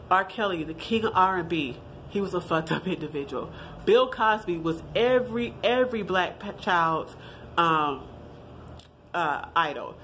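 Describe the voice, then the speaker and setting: A woman's voice: on the low side, slight background noise. A woman, giving her blunt, profane opinions in a casual vlog and talking straight to her viewers. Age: 30s. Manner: blunt, profane and animated, addressing viewers as y'all. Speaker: vlogger.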